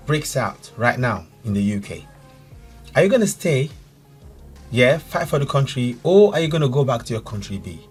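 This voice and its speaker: A man's voice: medium pitch, husky. A young man from Nigeria, giving casual, opinionated commentary to his viewers as a reaction vlogger. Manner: animated, direct, addresses viewers as guys.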